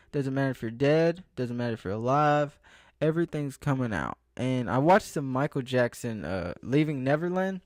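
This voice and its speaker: A man's voice: mid-range voice, no room sound, clean studio sound. A young man rambling through a casual vlog monologue, often losing his train of thought and breaking off mid-sentence. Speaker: vlogger.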